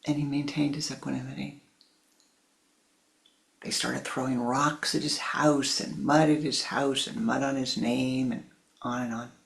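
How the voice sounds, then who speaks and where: Gravelly-voiced man telling a teaching story. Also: medium pitch, fairly even intonation, a little slow, a bit bright. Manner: conversational, many asides. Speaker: spiritual teacher.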